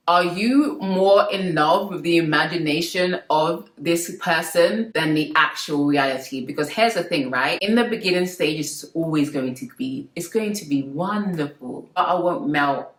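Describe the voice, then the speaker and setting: A young woman giving relationship advice to her viewers in a lively, preachy way with playful asides. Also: low voice, moderate pace, hardly any pauses, roomy sound, poor audio. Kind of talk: casual advice talk to camera.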